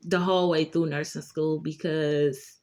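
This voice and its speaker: A woman's voice: low-pitched, flat delivery, a little slow, darkish tone. Earnest woman nurse telling a faith story. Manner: earnest, faith-filled encouragement with frequent "like" fillers. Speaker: nurse and vlogger. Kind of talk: casual storytime vlog.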